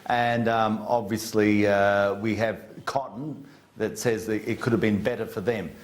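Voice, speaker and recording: A man's voice: on the low side, steady tone, a little slow. An Australian man, a minister, answering interview questions in a blunt, folksy, plain-spoken way. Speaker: government minister as interview guest. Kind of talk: interview down a remote studio link.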